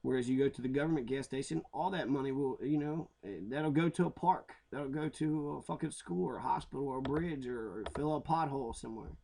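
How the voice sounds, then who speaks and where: A man's voice: medium pitch, brisk, gravelly, hardly any pauses, warm tone. A man giving a profane, heated, rambling rant while commenting on local news stories. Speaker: commentary vlogger.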